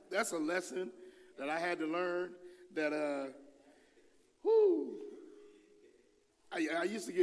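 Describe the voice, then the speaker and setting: A middle-aged man with a high, bright voice preaches a sermon in a church, with long reverb ringing around him. He swings his pitch and volume up and down as he acts out the people he quotes. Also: creaky. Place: church sanctuary.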